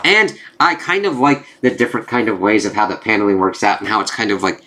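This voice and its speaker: A man's voice: fairly low pitch, fast talker, pushed and bright. A man reviewing a comic book in a casual, profane way, with lots of fillers.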